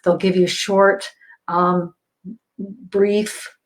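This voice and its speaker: A woman's voice: medium pitch, flat delivery, extremely slow. A woman working as a psychic medium, talking casually on a livestream with lots of fillers and easy laughter. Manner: chatty, laughs often, many fillers.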